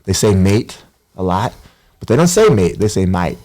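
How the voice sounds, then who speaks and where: A man's voice: on the low side, sing-song, normal speed, mellow. A man speaks as a podcast guest. He tells stories casually and animatedly, and he acts out the people in them. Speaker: podcast guest, professional basketball player. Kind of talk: casual storytelling interview.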